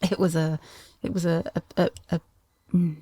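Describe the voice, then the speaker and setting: A woman's voice: fairly low pitch, level tone, normal speed, warm tone, dry recording. A middle-aged woman chatting as a podcast guest, telling stories with frequent restarts and laughing often. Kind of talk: casual interview chat.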